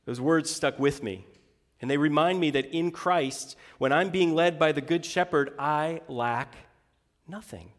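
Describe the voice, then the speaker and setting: A middle-aged man preaching a sermon in a conversational way, asking rhetorical questions and slowing down for quoted scripture. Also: fairly high pitch, lively intonation, big-room sound. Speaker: pastor.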